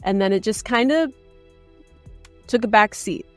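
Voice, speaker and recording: A woman, a voice actor guest, talking in a relaxed, thoughtful way on a podcast. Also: mid-range voice, a little slow, soft background music. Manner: relaxed, thoughtful, reacts with short exclamations. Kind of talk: casual interview chat.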